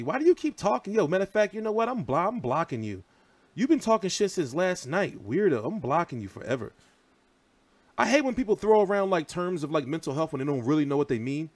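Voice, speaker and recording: A man's voice: medium pitch, dry recording. A man in his thirties hosting a boxing livestream, chatting loosely and profanely and answering viewers' comments. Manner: loose, profane, rambling and animated. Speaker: boxing channel livestream host. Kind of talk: casual livestream chat.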